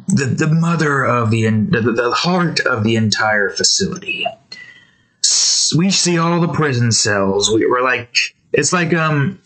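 A young man talks slowly through a chance-driven story as he draws, his voice bright and forward. He rambles with plenty of fillers, and his pitch leaps high at moments of tension. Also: rough recording. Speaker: artist narrating a dice-driven story. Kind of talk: casual narration while drawing.

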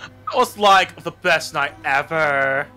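A man's voice: on the high side, slow pace, pushed and bright, smooth, faint music behind, heavily acted. A man voicing a catty, gossipy valley-girl young woman in a game, full of "like". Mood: gushing. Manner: bubbly, lots of "like".

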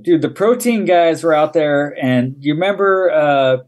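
A man telling tour stories as a guest in casual chat, excitable and full of swearing. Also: on the high side, measured pace. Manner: excitable, profane, acts out quotes. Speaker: guest, former tour crew. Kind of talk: casual storytelling.

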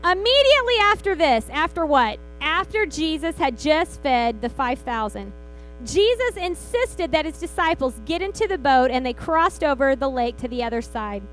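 A woman's voice: high voice, very animated, normal speed, fairly bright tone, faint music behind, poor audio. A woman pastor, preaching a sermon in a church and telling the story with acted-out quotes. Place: church sanctuary.

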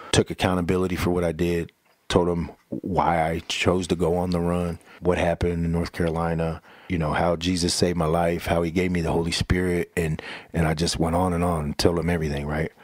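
A man's voice: low-pitched, no room sound. A man, a pastor, casually telling his life story in an interview, acting out what people said, repeating words and often saying "bro" and "right?". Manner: animated storyteller who acts out quotes, repeats words, says "bro" and "right?".

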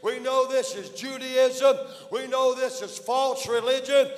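A Southern American pastor preaching with a very high, strained voice, hammering home repeated lines with drawn-out "uh" fillers. He shouts through a long, ringing church hall reverb. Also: fairly even intonation. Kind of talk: fiery evangelistic sermon. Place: church sanctuary.

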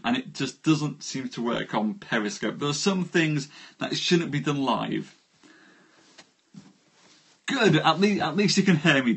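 A man's voice: mid-range voice, slightly rough. A man hosting a live storytelling stream, chatting and jokily greeting viewers by name before he reads. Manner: warm, jokey, greets viewers by name with lively rises. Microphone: phone livestream.

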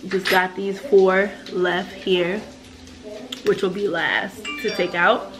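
A woman's voice: medium pitch, little pitch movement, slow pace. A woman, chatting casually to her vlog viewers and telling a story with easy laughter. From New York. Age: 20s. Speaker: vlogger. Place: car and home.

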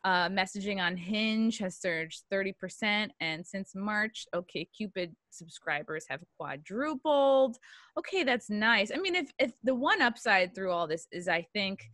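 A woman's voice: mid-range voice, lively intonation, a little slow, fairly bright tone, dry recording, clean studio sound. A woman hosting a comedy podcast, joking crudely and reading out news items with sarcastic asides. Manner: brash, profane, reads out articles and jokes. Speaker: podcast host. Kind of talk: casual comedic banter.

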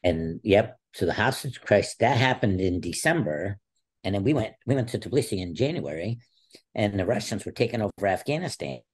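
Brisk and expressive, with a lowish voice and a breathy edge, this sixty-something former wrestler and teacher tells stories on a podcast. He brings them to life by performing each quoted person's voice.

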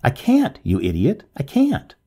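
A man voicing a timid, panicky spinster lady trapped on a train, shrill and frantic. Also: huge pitch swings, normal speed, creaky, warm tone, breathy edge, full character voice. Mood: panicked.

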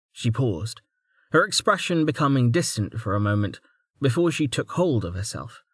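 A man narrating an audiobook in an even, steady storytelling manner on a close studio mic. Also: medium pitch, moderate pace, breathy edge, dry recording. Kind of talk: scripted narration.

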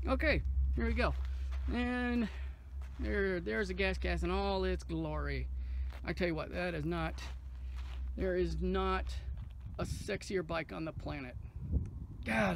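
A man's voice: sits high, vocal fry, a bit bright. A man hosting his own motorcycle channel, talking casually through a how-to with chatty, joking asides. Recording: distant echoey mic, faint noise.

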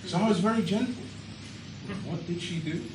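A man telling a comic story on stage with animated, exaggerated delivery. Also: high-pitched, normal speed. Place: storytelling stage before a live audience. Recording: echoey hall from a far mic, audience noise.

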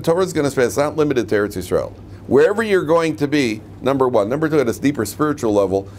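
A middle-aged rabbi teaches a room of students in a relaxed, joking way, often stopping to put questions to the class. His voice sits at an ordinary pitch for a man. A faint hiss of noise runs under the recording. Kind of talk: humorous classroom lecture.

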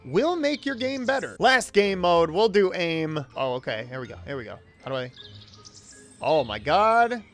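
A man reviewing a video game with jokey, excitable commentary and sudden exclamations. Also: high voice. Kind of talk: comedic gameplay commentary.

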